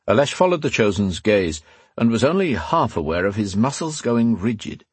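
A man narrating a fantasy story in a steady, scripted reading. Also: lowish voice, normal speed, breathy edge, no room sound. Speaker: audiobook narrator.

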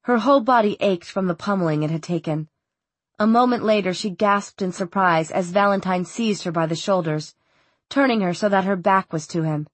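A woman's voice: mid-range voice, moderate pace, no echo. Woman reading a story, dry close sound. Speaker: audiobook narrator. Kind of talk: scripted narration.

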